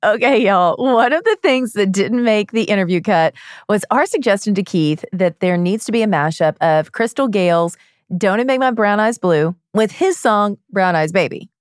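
A woman's voice: mid-range voice, animated, normal speed, dry recording, studio quality. A woman hosting an interview, bubbly and eager as she chats with her guest. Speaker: host. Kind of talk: casual interview chat.

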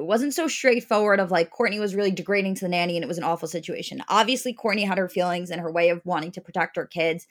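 Thoughtful woman podcast co-host chatting. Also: fairly low pitch. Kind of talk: casual chat.

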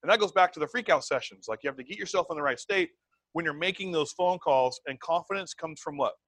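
A man's voice: a little high, fast, no room sound. A man teaching a live sales training to a group, emphatic and conversational, tagging his points with "right?" and "okay?". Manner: repeats words, conversational and animated.

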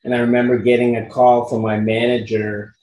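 A man's voice: medium pitch, a little fast. A man tells a story from his acting days in a loose, easygoing way, full of fillers. He livens up when he quotes himself. His voice rings a little in a roomy space, with faint noise underneath. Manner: relaxed, frequent fillers, lively when quoting himself. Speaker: actor guest recalling a past role. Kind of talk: casual anecdotal storytelling.

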